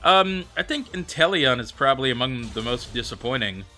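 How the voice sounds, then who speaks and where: A young man streaming a game, reading out viewer comments and answering them in a chatty, animated way. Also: medium pitch. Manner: chatty, animated, answers chat with quick excited reactions. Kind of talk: casual livestream chat reading viewer comments. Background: faint background music.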